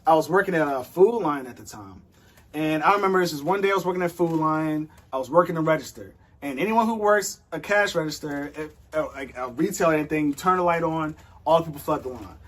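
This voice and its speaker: Male guest, husky and a touch high, animated storyteller voicing the people in his story. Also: fast. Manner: animated storytelling, acts out his own thoughts and others' lines. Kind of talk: casual testimony storytelling.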